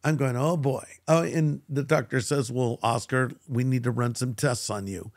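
An older man tells a long personal story as an interview guest, putting on the voices of the people he quotes. He has a medium-pitched voice recorded dry and close, with no room sound. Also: normal speed, no echo. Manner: animated storyteller who acts out quoted voices. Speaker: guest pastor.

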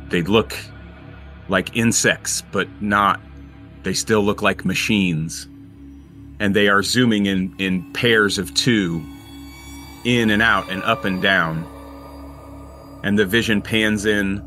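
A man narrates a tabletop game at a very slow, descriptive pace, his voice bright and forward, with frequent "um"s. Faint singing-bowl music plays behind him. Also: fairly low pitch. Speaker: game master.

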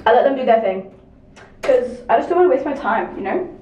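A woman's voice: fairly high pitch, animated, fairly quick, dark tone, recorded from a distance. A young woman from Australia doing a chatty, self-deprecating get-ready-with-me makeup talk. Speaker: beauty vlogger. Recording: echoey room, off-mic.

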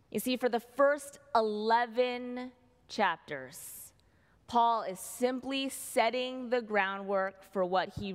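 A woman pastor delivering a sermon, slow and emphatic, with dramatic pauses, recorded in a church sanctuary. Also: a little high. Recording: long hall reverb.

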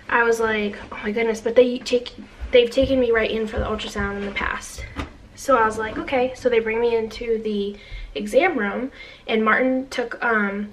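A woman's voice: on the high side, far from the mic, low-quality recording. A young woman telling a long personal story in a casual vlog, chatty, with lots of fillers as she quotes what others said. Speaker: vlogger.

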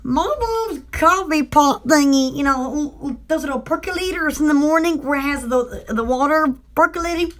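A woman's voice: high-pitched, normal speed, few pauses, a bit bright. A woman hosting a casual home shopping live stream, rambling and laughing often as she chats and mimics household appliance noises.

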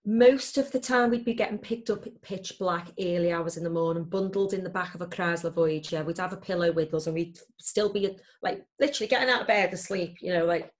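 A woman's voice: fairly low pitch, a little fast, few pauses. A woman, a guest in an interview, telling her story candidly and emphatically with lots of fillers.

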